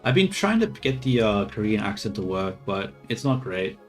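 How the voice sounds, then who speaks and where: A man with a lowish voice talks casually while testing AI voice bots. He rambles, trails off and swears freely. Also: very animated, normal speed, soft background music. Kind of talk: casual chat.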